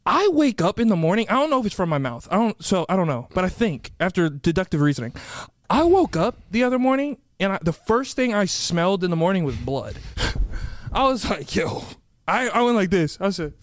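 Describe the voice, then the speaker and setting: Lively high-voiced young man rambling. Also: brisk. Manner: rambling, storytelling, laughs often. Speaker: podcast co-host. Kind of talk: casual podcast banter.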